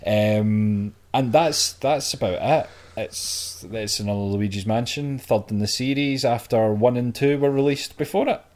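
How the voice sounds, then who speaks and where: A man's voice: mid-range voice, a little slow, hardly any pauses, darkish tone. A man appearing as a guest on a podcast, chatting in an easygoing, self-deprecating way. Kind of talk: casual chat.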